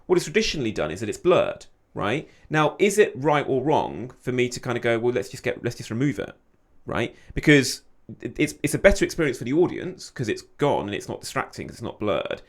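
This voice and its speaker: A man speaking as a guest on a media podcast, animated and repeating words as he thinks aloud. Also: mid-range voice, fairly quick, hardly any pauses. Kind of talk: casual media discussion.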